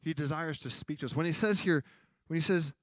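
His voice sits on the high side and moves fairly quickly as he preaches in church, casually acting out comic dialogues. There's no room sound, and the quality is studio-grade.

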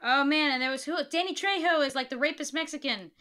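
American woman, high bright voice, rambling podcast chat with lots of likes. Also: quick pace. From United States. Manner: chatty, animated, lots of "like" and laughs. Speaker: guest.

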